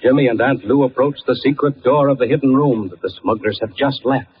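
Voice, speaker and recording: A man narrating a radio serial with steady announcer delivery. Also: medium pitch, brisk. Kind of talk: scripted narration. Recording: tinny old radio broadcast.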